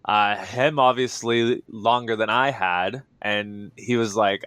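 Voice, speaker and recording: A man with a smooth, clear voice tells stories from his career in a casual interview. He is keen and animated, full of fillers and asides. The sound is close and dry. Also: lowish voice, takes it slowly, hardly any pauses, no room sound. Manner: energetic, enthusiastic storytelling with many fillers. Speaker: wrestler, interview guest.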